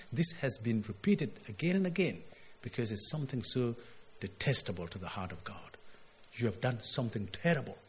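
A man's voice: medium pitch, animated, brisk, breathy edge. A man preaching a sermon, walking through a scripture passage, often asking his listeners "isn't it?" and lifting his voice when he quotes the text. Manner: expository, asks "isn't it?", surges loud on quotes.

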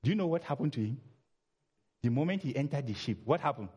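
Emphatic preacher man, husky and lively. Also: fast. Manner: emphatic, swings between loud urging and low murmurs. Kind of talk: sermon.

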